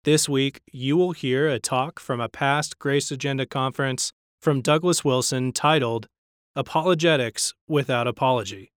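A man hosting a podcast, reading a scripted intro and book ad in a smooth, read-aloud delivery on a close studio mic. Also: medium pitch, moderate pace, no room sound. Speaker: podcast host.

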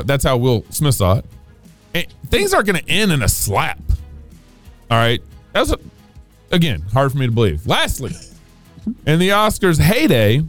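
A man hosting a comedy podcast, rambling playfully and poking fun at himself. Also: fairly high pitch. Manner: playful, rambling, self-mocking. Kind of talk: joking commentary.

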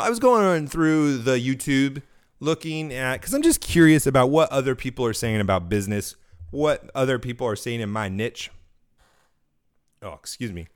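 A man with a medium-pitched, clean voice hosts a solo podcast without echo. Getting over a cold, with a dry throat, he talks casually and thinks aloud.

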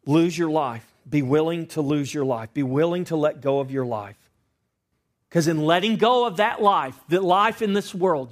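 A pastor preaching a sermon, swinging between loud emphasis and hushed asides and asking rhetorical questions. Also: male voice, on the high side, moderate pace. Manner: asks the congregation rhetorical questions.

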